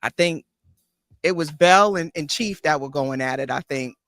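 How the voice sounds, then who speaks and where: A woman's voice: low voice, fairly bright tone, dry recording. A woman therapist and life coach hosting an interview, speaking reflectively with frequent restarts. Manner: reflective, halting with restarts and fillers. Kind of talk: casual interview conversation.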